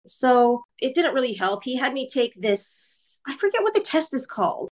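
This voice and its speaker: A woman telling her personal story in a candid, emotional way, speaking quickly and acting out the voices of the people she quotes. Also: high-pitched, animated, low-quality recording. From California.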